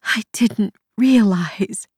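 A woman's voice: medium pitch, drawn-out words, a little mellow, slightly rough, dry recording, studio quality, pitched above the performer's own voice. A woman voicing an anguished, guilt-stricken young woman in an audiobook, pleading through sobs and slipping into whispers. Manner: sobbing, pleading, breaks into whispers. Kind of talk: audiobook character voice.

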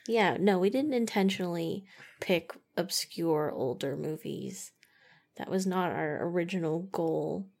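A woman's voice: fairly low pitch, unhurried, vocal fry, a little mellow. A woman co-hosting a casual late-night podcast, teasing with a dry sense of humor. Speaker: podcast co-host.

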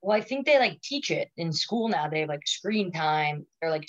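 A woman's voice: deep voice, animated, normal speed, hardly any pauses, dry recording, dull audio. A woman in her thirties, a comedian guest telling stories in casual podcast chat, rambling and full of "like". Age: 30s. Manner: rambling storyteller, filler-heavy "like".

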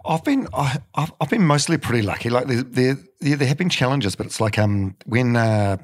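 A man's voice: medium pitch, lively intonation, moderate pace. A middle-aged man, hosting a casual interview and talking frankly, with the odd swear word. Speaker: podcast host.

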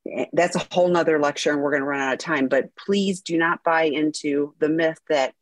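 A woman's voice: sits low, a little fast, dry recording. A woman co-hosting an advice podcast, reassuring and speaking from her own recovery. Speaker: podcast co-host.

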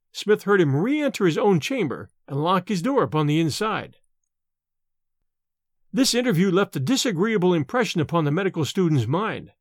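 Expressive male storyteller with a lively voice. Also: high voice, no echo, studio quality. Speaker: narrator. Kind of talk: audiobook reading of a Victorian horror story.

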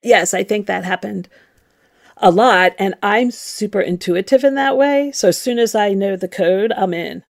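A woman's voice: mid-range voice, normal speed, creaky, no room sound, studio quality. A middle-aged woman, a former nun, telling her own story in a candid, reflective and emphatic way. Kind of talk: personal storytelling.

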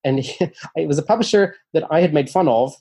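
Here a nonfiction author guesting on an interview tells stories conversationally, fast and chatty, his soft, husky voice fairly high in pitch. He animatedly acts out quotes in a louder voice and leans on many fillers and restarts.

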